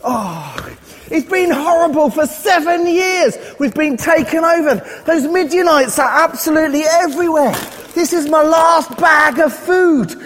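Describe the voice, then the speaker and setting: A jittery villager hiding from raiders, put on by a man in a very high voice, hushing his listeners and then calling out to them. The sound rings with long reverb in a big hall, with a little faint noise underneath. It is played as a storytelling skit for children. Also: animated, measured pace, full character voice. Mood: nervous.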